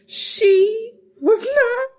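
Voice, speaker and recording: A woman with a high voice that swings up and down, chatting and gossiping as co-host. She talks with animated energy, laughing often and acting out what others said. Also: creaky. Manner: animated, laughing, acts out quotes in high squeals. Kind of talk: casual gossip chat.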